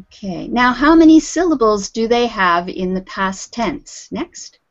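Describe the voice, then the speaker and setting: A woman's voice: a little high, expressive, a little slow. A woman teaching an online English group lesson, patient and encouraging, calling on students by name. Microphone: video call audio. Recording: dull lo-fi video call audio.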